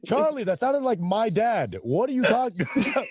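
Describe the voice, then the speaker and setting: A man doing stand-up comedy with a lively voice that swings high and low as he laughs along at his own jokes. He is performing on a video call from outdoors in an industrial spot. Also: normal speed, few pauses, crowd noise.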